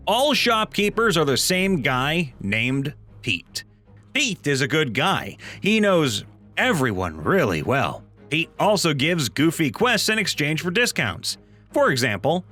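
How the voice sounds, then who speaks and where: A man reading viewers' stories aloud in an animated, playful way. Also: fairly high pitch. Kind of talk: reading online comments aloud.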